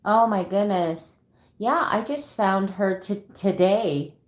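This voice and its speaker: A woman's voice: medium pitch, expressive, slow pace, reverberant. Emotional, earnest middle-aged woman vlogger. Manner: emotional, earnest and openly candid; frequent sighs and fillers, warm greetings to viewers. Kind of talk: livestream chat, reading viewer messages.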